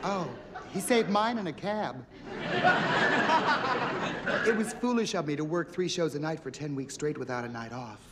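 A man playing a soft-spoken, courteous female impersonator, in 1970s sitcom style. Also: on the high side, moderate pace, pauses often, a loud crowd, natural voice. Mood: polite. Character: gentle, polite female impersonator, weary and gracious. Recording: noisy 1970s TV audio.

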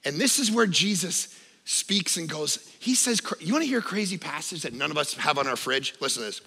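A man preaching a sermon, telling a story with lively energy, sometimes shouting and sometimes dropping low. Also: a little fast, creaky, slightly rough, long reverb tail. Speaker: pastor.

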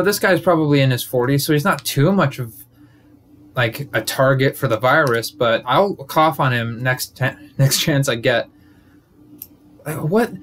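A young comedian and podcast host in his twenties delivers a casual, joking monologue that rambles and keeps interrupting itself. His voice is slightly high and a bit bright, with a faint hiss or hum in the audio.

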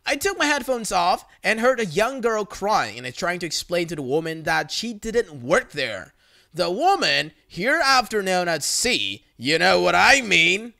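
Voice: mid-range voice, sing-song, measured pace, gravelly, pushed and bright. A narrator reading online forum stories aloud in a plain storytelling manner.

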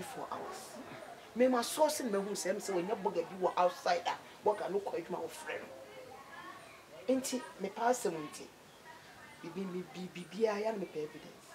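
A woman's voice: medium pitch, normal speed, crowd noise. A woman with a Ghanaian accent in a dramatized advice skit, talking in a scolding, insistent way. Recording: noisy background.

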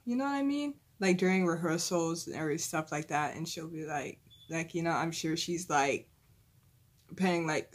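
A young woman hosting a reaction video who chats casually and rambles as a fan, with lots of "like" and "you know". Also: sits low. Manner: fan talk about a singer, breaking into giggles.

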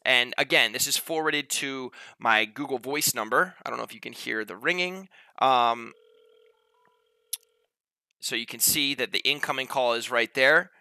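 A man's voice: mid-range voice, moderate pace, pushed and bright, no echo. A man giving a casual, upbeat product demo, walking the viewer through each step with frequent check-ins. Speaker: company representative demoing software.

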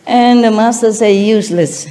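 A woman's voice: lowish voice, slow, dark tone. A woman teacher giving a spiritual lecture, retelling religious stories in simple non-native English and chuckling often.

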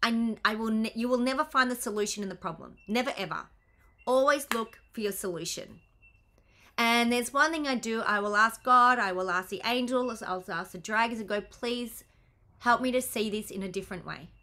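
A woman's voice: fairly high pitch, moderate pace, sharp tone. A woman coach giving a casual, blunt and sweary presentation to her team over a video call. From Australia. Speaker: business coach and healer.

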